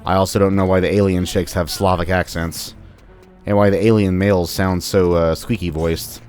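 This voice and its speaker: A young man with a fairly low voice gives chatty, joking commentary over his gameplay, bantering with enemies as he goes. Soft game music sits behind him. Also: steady tone, moderate pace. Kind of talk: casual let's-play commentary.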